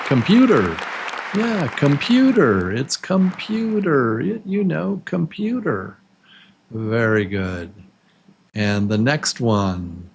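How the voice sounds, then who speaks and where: Slow, patient man teaching beginner English. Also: mid-range voice, big pitch swings, vocal fry, slightly rough, some chatter behind. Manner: patient, repeats words slowly, claps syllables. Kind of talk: slow, clearly spoken beginner English lesson.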